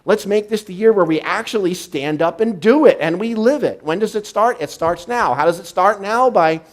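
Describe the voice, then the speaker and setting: A male minister giving a live sermon, swinging from hushed and intimate to loud and excited. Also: sits high, normal speed. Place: church service, live.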